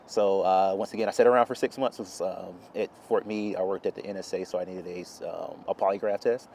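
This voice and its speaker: Casting: hoarse man, thirties, lowish voice, relaxed interview guest, from North Carolina. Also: brisk, a little hiss or hum. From Charlotte, North Carolina. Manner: relaxed, laughs between stories, uh-filled. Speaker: guest, Air Force intelligence officer. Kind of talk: casual interview.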